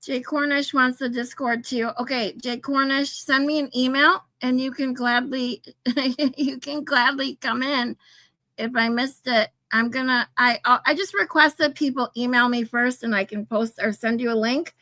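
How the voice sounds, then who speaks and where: A woman's voice: high-pitched, fairly even intonation, normal speed, bright, forceful tone, no echo. A woman hosting a casual livestream, chatting with viewers, swearing casually and laughing often. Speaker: livestream host. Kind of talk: casual livestream chat, reading chat.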